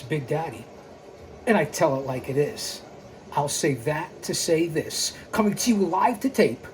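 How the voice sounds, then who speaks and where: A man's voice: a little high, a little mellow, slight background noise, rough recording. A man hosting his own online show, delivering a brash, boastful monologue in a wrestling-promo style from a basement studio. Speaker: YouTube show host. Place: underground bunker studio.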